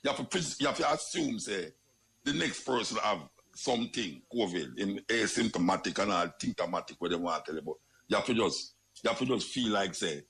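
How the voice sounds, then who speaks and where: An older man with a Jamaican accent talking in a casual, animated monologue, exclaiming and repeating his phrases. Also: on the low side, a little fast. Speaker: radio talk host.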